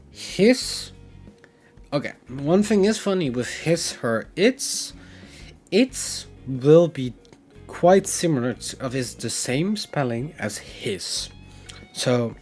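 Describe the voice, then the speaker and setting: Dutch guy teaching dutch on stream, super slow and rambly, faint music behind. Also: medium pitch. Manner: rambling, self-correcting, explains slowly with examples. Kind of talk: casual livestream lesson.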